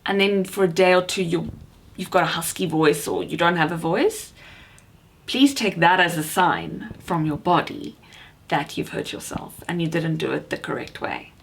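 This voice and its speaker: Low-voiced woman coaching on voice. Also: normal speed, creaky, slight background noise. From South Africa. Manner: emphatic, encouraging, demonstrates shouting. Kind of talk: vocal coaching lesson to camera.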